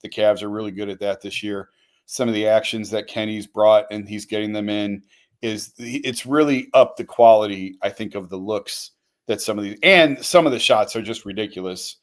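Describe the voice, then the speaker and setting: Man, sports writer guest, low voice, relaxed casual talk. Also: normal speed. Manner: easygoing, hedging with fillers.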